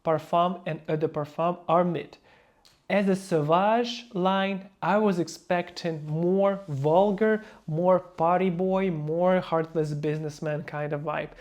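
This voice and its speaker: A man speaking non-native English in a casual review vlog, emphatic and playfully mocking, slipping into quick mock voices. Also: high voice, steady tone, a little mellow. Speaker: fragrance reviewer.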